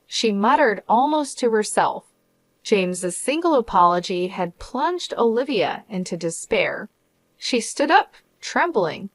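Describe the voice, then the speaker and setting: A woman reading a first-person drama story aloud in a measured, even narration. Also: mid-range voice.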